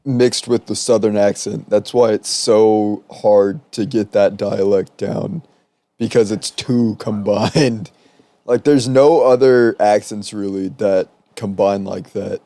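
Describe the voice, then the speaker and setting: A man's voice: on the low side, steady tone, slow pace, warm tone, no echo. A young American man co-hosting a podcast, laid-back and laughing often in casual chat. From United States. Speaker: podcast co-host.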